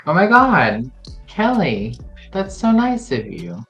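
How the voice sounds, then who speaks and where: A man's voice: a little high, huge pitch swings, slow pace, a bit bright, soft background music. A man co-hosting a casual tarot livestream, chatty and reading out viewers' names. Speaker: tarot reader co-host.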